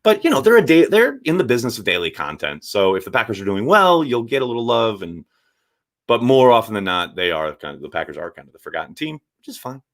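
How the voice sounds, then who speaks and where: Animated, blunt man on a live stream. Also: medium pitch, quick pace. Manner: animated, blunt, swears freely. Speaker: sports show host reading viewer chat. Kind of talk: casual live-stream chat.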